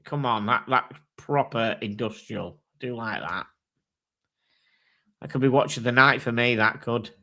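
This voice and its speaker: A man's voice: mid-range voice, unhurried, pushed and bright. A man hosting a casual livestream chat, thinking aloud, swearing casually and reading out product details. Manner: reads out watch specs and prices. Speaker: host.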